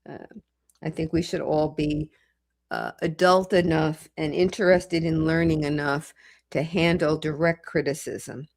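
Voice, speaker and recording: A middle-aged woman hosting a livestream, chatting casually with viewers as she reads comments and slowly sounds out foreign greetings. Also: low voice, fairly even intonation, creaky. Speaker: legal commentator and livestream host.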